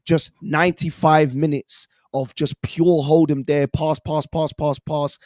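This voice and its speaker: A hoarse man whose voice has cracked, a panelist reflecting on a football match. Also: a little high, level tone, unhurried, darkish tone, dry recording, studio quality. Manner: apologetic, reflective, quotes his own thoughts. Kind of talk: casual football debate.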